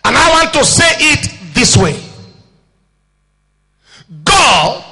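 A male preacher with a very high, piercing, bright voice. He delivers a sermon in bursts, shouting some lines and dropping to low, hushed asides, and keeps calling out to the congregation. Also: big pitch swings, very slow, pauses often, big-room sound. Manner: swings between shouted declarations and low quiet asides, calls to the congregation.

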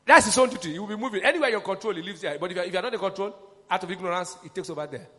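A man preaching a sermon, emphatic and rousing, calling questions to his congregation and rising into shouts. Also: high-pitched, racing, long reverb tail.

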